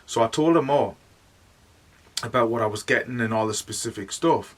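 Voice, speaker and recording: A man with a Northeast English accent recounts his experiences in a loose, rambling way. His pitch sits in a middle range, and he talks casually with plenty of "like". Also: moderate pace, recorded from a distance. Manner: rambling, chatty, full of "like". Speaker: medium. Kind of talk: casual storytelling monologue.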